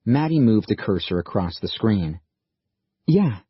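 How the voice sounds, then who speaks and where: A man narrates an audiobook in a low, husky voice with a steady, even delivery. The recording sounds dull and muffled, and it is dry and close. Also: moderate pace, no echo.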